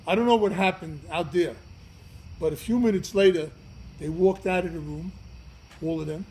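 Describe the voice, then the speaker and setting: Earnest rabbi teaching a class. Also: male voice, high voice, moderate pace, long pauses, slight background noise, poor audio. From United States. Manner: earnest, emphatic, swings from loud to quiet. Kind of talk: storytelling Torah class.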